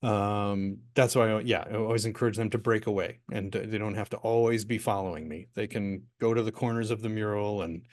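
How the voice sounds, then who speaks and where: A man leading an online workshop, answering participants' questions in a relaxed, rambling way with many fillers and restarts, over a video call from his home office. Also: fairly low pitch, brisk, hardly any pauses, no room sound, studio quality. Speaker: workshop facilitator.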